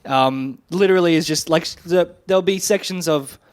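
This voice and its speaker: Upbeat male podcast co-host, slightly high. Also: moderate pace. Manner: enthusiastic, filler-heavy, swears casually. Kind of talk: casual chat.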